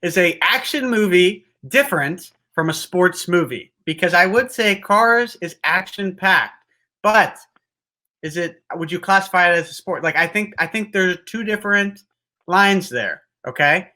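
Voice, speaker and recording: Lively young man hosting a sports chat. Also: sits high, a little slow. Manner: rambling, hedging, lots of restarts. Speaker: sports talk show host. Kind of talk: casual sports talk.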